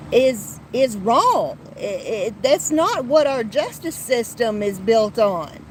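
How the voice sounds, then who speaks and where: Slow, blunt woman podcaster. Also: on the high side, very animated, slight background noise, rough recording. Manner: blunt and heated, with frequent restarts and profanity. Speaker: podcast host. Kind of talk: casual commentary podcast.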